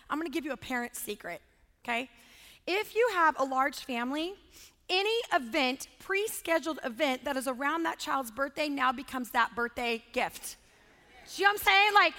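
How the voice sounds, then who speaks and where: A high, bright woman's voice preaching with lively, animated storytelling. She is middle-aged and slips into voices for the people in her story. The sound carries a long hall reverb. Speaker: guest speaker. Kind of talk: sermon with storytelling.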